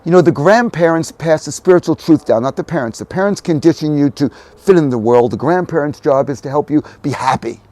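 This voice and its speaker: An older man speaking as a podcast guest, telling stories animatedly, dropping to soft murmurs and rising to loud emphatic bursts. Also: on the high side, brisk, few pauses. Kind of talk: conversational storytelling.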